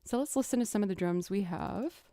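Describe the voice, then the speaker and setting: A young woman musician chatting casually as she builds a music loop, thinking out loud and making fun of her own mistakes. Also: mid-range voice, a little fast, no echo. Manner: chatty, thinks aloud, self-deprecating. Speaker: musician streamer. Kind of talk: casual chat while producing music. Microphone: studio mic.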